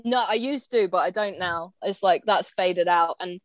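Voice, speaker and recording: A woman's voice: fairly low pitch, normal speed, dry recording. A woman with a slight Australian twang who grew up there, chatting casually, blunt and sweary, often laughing. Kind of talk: casual chat.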